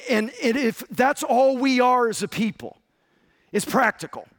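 A man preaching a sermon with passion, jumping from loud outbursts to hushed whispers. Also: extremely high pitch, lively intonation, unhurried. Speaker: pastor.

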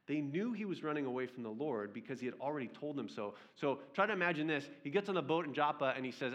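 A male pastor preaching a sermon, reading scripture aloud and retelling it as lively storytelling with questions to his listeners. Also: medium pitch, a little fast, hardly any pauses.

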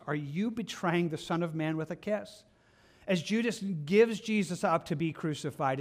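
A man with a high voice delivers a sermon from the pulpit. He speaks earnestly and conversationally, circling back and restarting phrases as he talks to his congregation. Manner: earnest, conversational preaching with repeated words and restarts. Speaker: pastor.

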